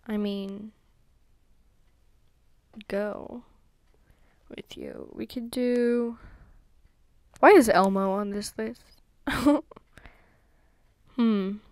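A woman's voice: fairly high pitch, darkish tone, no room sound, studio quality. A young woman giving chatty gameplay commentary, talking to herself and to her horses with many ums and whispered asides. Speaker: gaming YouTuber.

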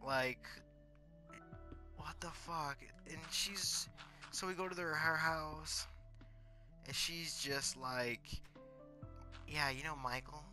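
A teenage boy tells crude stories in rambling, casual talk loaded with fillers and swearing, with faint music behind him. His voice is fairly high and slow, with long pauses.

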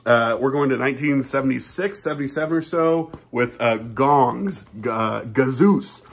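A man with a husky, slightly rough voice talks loosely about a record he long wanted. He is easygoing and casual, and his pitch sits in an ordinary middle range. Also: moderate pace. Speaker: channel host, record collector.

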